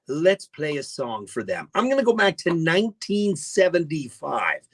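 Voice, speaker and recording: A man's voice: on the high side, big pitch swings, normal speed. A man hosting a live radio show in casual, jokey chat, greeting listeners by name. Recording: faint music behind the voice.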